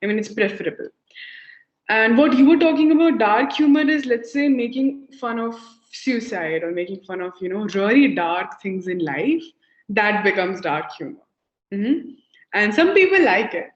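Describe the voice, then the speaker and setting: Young woman tutor on a call, kinda high voice, chatty, laughs a lot, roomy echo and muffled audio. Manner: chatty, explains with examples, laughs often. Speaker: English tutor. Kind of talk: conversation practice lesson. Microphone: video call. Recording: echoey room, dull lo-fi call audio.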